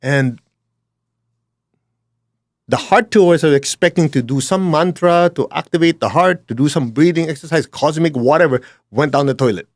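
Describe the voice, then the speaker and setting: A man telling a personal story in a plain-spoken way, his delivery swinging between hushed and emphatic, with blunt asides. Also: a little high, moderate pace, no echo, clean studio sound. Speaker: speaker sharing a personal story.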